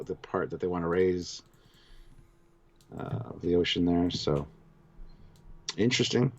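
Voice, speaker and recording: A man's voice: low voice, a little mellow. A man co-hosting a review show, casually recapping scenes and reading viewer messages. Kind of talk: casual episode review chat. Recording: dull lo-fi sound.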